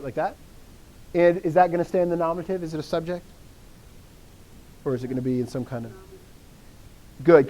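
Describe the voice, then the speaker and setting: A man's voice: on the high side, dark tone. A man teaching a Greek grammar lesson, explaining step by step and quizzing students with encouraging replies. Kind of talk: live online lesson.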